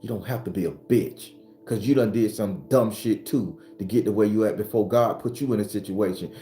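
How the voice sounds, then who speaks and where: A man's voice: lowish voice, fairly quick. A man who hosts his own spiritual channel, giving a blunt, profane, impassioned motivational monologue. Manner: blunt, profane, preachy, rising to shouts when retelling arguments. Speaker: spiritual advisor and channel host. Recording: roomy recording with faint background music.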